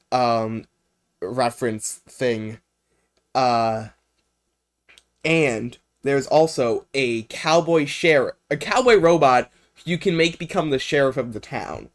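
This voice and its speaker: A young man talks through a video game in a casual livestream presentation. He is plainly unscripted, rambling and often pausing on ums and uhs. His voice is in the middle range for a man. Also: medium pitch.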